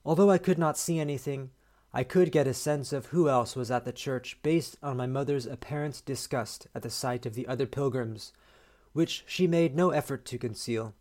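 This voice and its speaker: A man hosting a podcast, reading a short story aloud in a measured, steady way. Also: mid-range voice. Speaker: podcast host.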